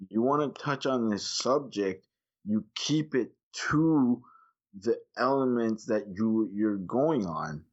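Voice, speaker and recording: A man co-hosting a casual movie review chat, animated and swearing freely. He acts out his own reactions with jumps in pitch. The recording is a little dull and lo-fi. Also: takes it slowly. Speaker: podcast co-host reviewing movies.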